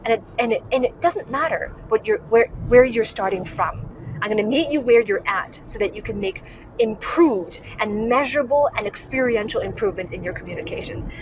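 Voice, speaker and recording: Woman, from Hong Kong, communication coach, emphatic and repetitive, somewhat high voice, dull recording. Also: lively intonation, fairly quick. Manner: emphatic, repeats key phrases. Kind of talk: motivational talk to camera. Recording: slightly dull lo-fi sound with clear background noise.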